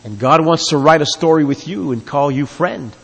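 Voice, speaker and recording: A man's voice: on the high side, moderate pace, vocal fry. A man preaching a sermon as pastor, emphatic, with his voice swelling and dropping. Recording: long reverb of a large hall.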